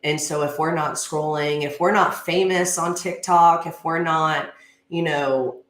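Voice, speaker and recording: A woman's voice: sits low, steady tone, unhurried, fairly bright tone. Earnest woman in an echoey room. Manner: earnest, conversational, frequent "you know" and "um". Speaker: gym speaker. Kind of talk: motivational talk. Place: gym class space.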